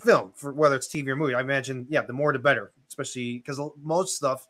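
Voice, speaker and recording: A man hosts a relaxed interview and asks long, meandering questions full of fillers. His voice is bright and forward, at a middle pitch. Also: quick pace. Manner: rambling questions, many fillers. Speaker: podcast host. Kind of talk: casual interview chat.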